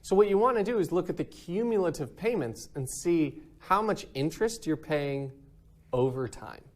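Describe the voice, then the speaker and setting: A man's voice: fairly high pitch, animated, normal speed. A man teaching a recorded math lesson in an upbeat way, often checking in with "right?".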